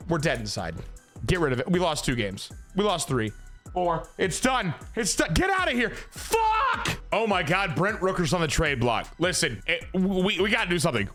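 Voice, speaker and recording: A man calls out his baseball video game franchise run in an exasperated, excitable rush, cursing when things go wrong. His voice sits a touch high and sounds bright and forceful, swinging widely up and down. Soft music plays quietly behind him. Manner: excitable and exasperated, swears freely. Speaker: gaming YouTuber.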